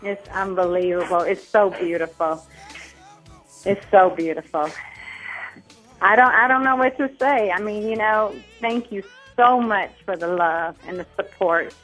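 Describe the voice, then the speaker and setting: A woman calling in to a radio show speaks softly and emotionally, often pausing to search for words. Her pitch is middling. Faint music sits under the call. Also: rough recording. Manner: soft, moved, searching for words. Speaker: caller, widow. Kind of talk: emotional phone-in tribute.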